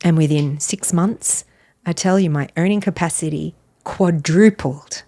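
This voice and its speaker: A woman's voice: fairly low pitch, a little slow. Earnest middle-aged woman telling her story. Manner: earnest, animated, laughs between phrases. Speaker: podcast guest, wellness author. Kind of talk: personal storytelling in conversation.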